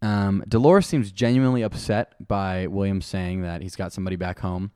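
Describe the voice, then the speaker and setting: A man co-hosting a casual podcast, running through episode events with a rambling, jokey manner. His voice sits on the low side and the recording is dry and close. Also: steady tone, moderate pace, a little mellow, smooth, dry recording. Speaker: podcast co-host. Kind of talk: casual chat.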